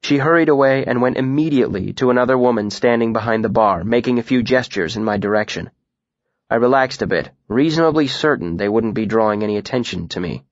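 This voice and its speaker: Measured male audiobook narrator. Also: mid-range voice, no room sound, muffled recording. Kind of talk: scripted narration.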